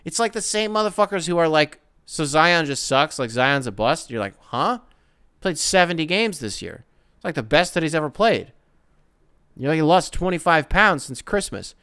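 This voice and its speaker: A man hosting a casual solo sports podcast, ranting in a profane, animated way with mocking asides. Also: a little high, fairly quick, clean tone, no room sound, studio quality. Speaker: podcast host.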